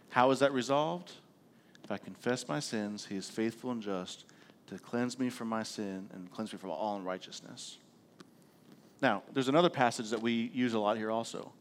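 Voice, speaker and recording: Middle-aged man, a pastor preaching a sermon: casual, self-deprecating, stories broken up with frequent check-ins. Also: mid-range voice.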